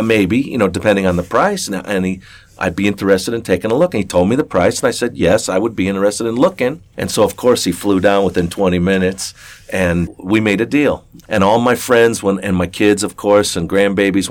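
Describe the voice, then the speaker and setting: Older man with a low, folksy voice. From southern Ohio. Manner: rambling, folksy, with many fillers and restarts. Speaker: interview guest. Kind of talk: casual storytelling.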